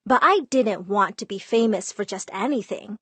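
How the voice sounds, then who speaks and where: A woman narrating a scripted first-person storytime in an expressive, dramatic way. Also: medium pitch, moderate pace, slightly rough, no echo.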